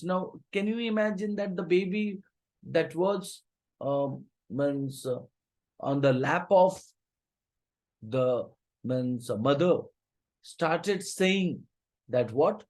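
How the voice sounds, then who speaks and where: Give me a teacher explaining slowly. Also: male voice, a little high, expressive, a little mellow. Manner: rereads lines, then paraphrases them with many "means, uh" fillers. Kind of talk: explaining a literature text to a class.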